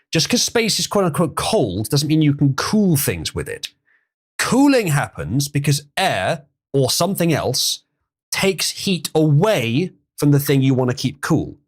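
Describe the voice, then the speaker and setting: Chatty man hosting a livestream. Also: a little high. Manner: chatty, laughs often, restarts sentences. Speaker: livestream host. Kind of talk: casual livestream commentary reading chat.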